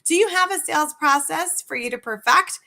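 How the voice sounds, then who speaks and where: A middle-aged woman coaching her viewers on sales, animated and asking them many direct questions. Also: high-pitched, moderate pace, gravelly. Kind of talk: live video coaching talk.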